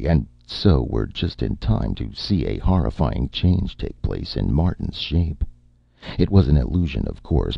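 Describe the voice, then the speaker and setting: A man narrating an audiobook story in a steady, measured storytelling voice. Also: very deep voice, gravelly, husky, no echo, muffled recording. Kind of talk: scripted narration.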